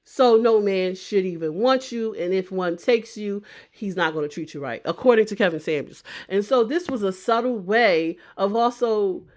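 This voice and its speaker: A woman's voice: medium pitch, moderate pace, few pauses, a little mellow. A woman vlogger giving casual opinion commentary, thinking aloud and often restarting and repeating phrases.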